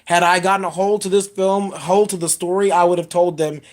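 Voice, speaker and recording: A woman's voice: on the low side, fairly even intonation, a little fast, a little mellow. A woman giving a casual spoiler review of a film, blunt, profane and rambling as she retells scenes. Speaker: movie reviewer.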